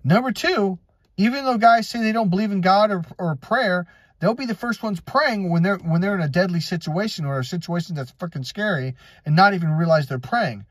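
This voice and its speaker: Blunt, husky-voiced male coach. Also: high voice, fairly quick, no echo, studio quality. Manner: blunt and profane, tells stories with acted-out dialogue. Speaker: life and relationship coach. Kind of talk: casual motivational monologue.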